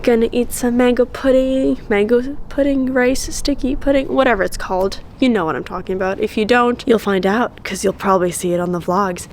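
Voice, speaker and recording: A young woman chatting casually to camera in a packing vlog, playful and quick to laugh, recorded at home. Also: medium pitch, creaky, slight background noise. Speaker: vlogger.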